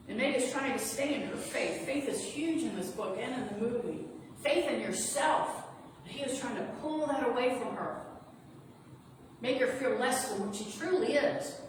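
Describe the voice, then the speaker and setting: Her voice a little high and her speed normal, a woman reverend preaches in a spiritual center's sanctuary, retelling a story with earnest reassurance. The recording sounds distant, echoey, and noisy.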